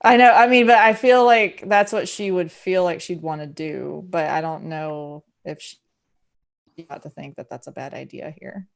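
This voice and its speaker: A woman player at a tabletop game, chatting casually about her character, animated and quick to laugh. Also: lowish voice, creaky. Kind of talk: casual table talk while playing a character.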